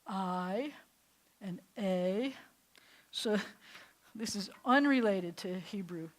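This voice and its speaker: Middle-aged woman, rabbi teaching Hebrew, chatty and animated, mid-range voice, laughs often. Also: mid-range voice. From New York. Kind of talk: classroom teaching.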